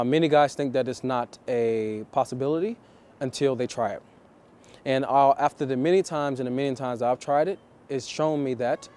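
A man coaching viewers on dating in a vlog, talking deliberately and repeating key phrases for emphasis. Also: medium pitch, a little mellow.

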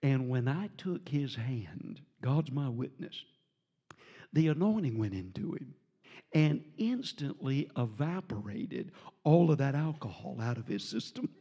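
A man preaching a storytelling sermon as a visiting preacher, animated and jovial, breaking into laughter and shouts. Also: medium pitch, measured pace, breathy edge, lo-fi sound. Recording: reverberant church sanctuary.

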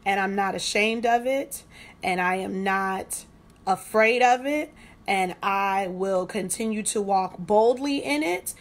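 Woman, devotional host, conversational, testimonial, medium pitch. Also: takes it slowly. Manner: conversational, testimonial, repeats phrases for emphasis. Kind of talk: devotional teaching.

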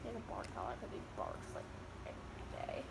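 A woman's voice: quick pace, heavy background noise. A woman giving a rambling, giggly home-tour vlog, recorded on her phone indoors. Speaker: vlogger.

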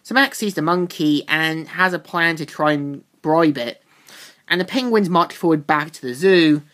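A woman's voice: sits low, lively intonation, normal speed, a bit bright. A woman reviewing a comic book, recapping its plot in a casual, rambling way with loose restarts.

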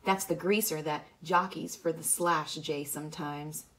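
A woman's voice: deep voice, fairly even intonation, a little slow, fairly bright tone. Woman reading a snooty teen girl.

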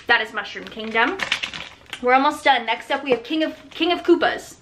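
A woman in her thirties doing a casual product showcase vlog, gushing with enthusiasm and sometimes dropping to soft, breathy murmurs. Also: on the high side, lively intonation, normal speed, background noise. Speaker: small business owner showing products.

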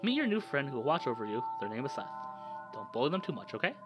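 Man with a cold reading a calm, condescending villain in a top hat, lively pitch, game music behind. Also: fast, lightly acted. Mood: patronizing. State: sick with a cold. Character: smooth, patronizing masked gentleman in a top hat.

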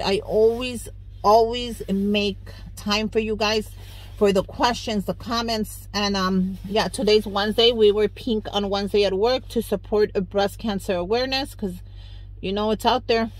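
A woman vlogger talking casually and emotionally to her viewers while on her way to work. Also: mid-range voice. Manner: emotional, heartfelt, rambling.

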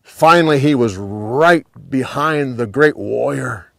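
A man telling a Bible story dramatically, rising with the action and dropping low at the ends of scenes. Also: a little slow, vocal fry, dry recording, studio quality. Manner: animated, dropping to hushed endings.

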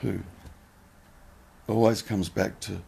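Gravelly blunt-talking man. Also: lowish voice, steady tone, takes it slowly, mellow. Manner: blunt, swears freely, questioning. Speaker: nonduality teacher. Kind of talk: casual spiritual talk.

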